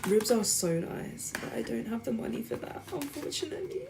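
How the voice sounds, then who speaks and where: Chatty woman, loud background noise. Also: mid-range voice, sing-song, moderate pace, vocal fry. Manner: chatty, talks to viewers. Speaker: student vlogger. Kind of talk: casual chat while cooking.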